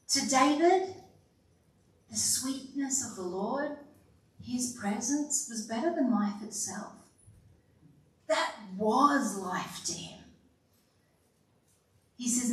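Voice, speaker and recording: A woman pastor delivering an animated sermon, acting out quotes with sighs and laughs. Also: on the high side, slow, pauses often. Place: church sanctuary. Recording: echoey hall, voice from far off.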